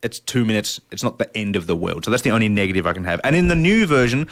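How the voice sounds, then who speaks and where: A man's voice: on the low side, expressive, fast talker. A man co-hosting a podcast, chatting casually and with animation about board games. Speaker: podcast co-host. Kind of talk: casual chat.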